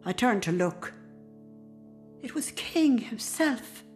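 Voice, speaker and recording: A woman's voice: fairly high pitch, slow, over loud music. An older woman with an Irish accent narrating and playing a devoted, outspoken old nanny in a radio drama. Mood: reflective. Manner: storytelling narration with lively, emphatic speech. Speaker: narrator and character.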